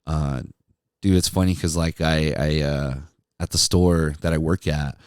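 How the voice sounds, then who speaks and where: Deep-voiced man telling laid-back stories. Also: steady tone, a little slow, no echo, studio quality. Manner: laid-back, laughs a lot, says "dude" and "man". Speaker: podcast host, former radio DJ. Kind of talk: casual storytelling monologue.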